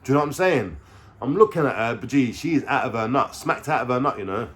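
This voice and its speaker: A man, telling a story to the camera. He talks in animated street slang, swears constantly and keeps asking the listener for agreement. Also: mid-range voice, fast talker. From London. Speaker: vlogger. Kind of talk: storytime vlog.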